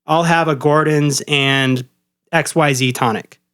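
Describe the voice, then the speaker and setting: A man's voice: a little high, fairly even intonation, measured pace, a bit bright, smooth. A man co-hosting a podcast, a bartender ranting casually and profanely about what customers order.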